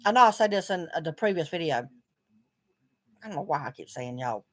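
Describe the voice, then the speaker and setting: A woman's voice: deep voice, expressive, a little fast. A middle-aged woman speaking bluntly in a video journal, swearing often as she vents her frustration. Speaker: vlogger.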